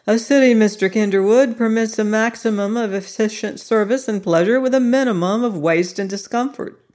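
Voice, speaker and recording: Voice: mid-range voice, moderate pace, darkish tone, pitched above the performer's own voice, lightly acted. A narrator voicing a younger male technician who explains things easily in an audiobook reading. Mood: easy. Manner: easy, explanatory.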